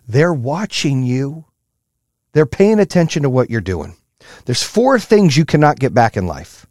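A man giving a blunt, profane motivational rant, high-strung and fired up. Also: very animated, unhurried, a little mellow, no room sound, studio quality. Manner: blunt, heavy swearing, fired-up. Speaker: motivational speaker.

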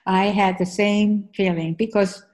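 Mellow-voiced woman, French native speaker. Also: medium pitch, fairly even intonation, unhurried. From Argentina. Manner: earnest, storytelling, frequent fillers. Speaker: author and guest. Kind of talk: conversational interview.

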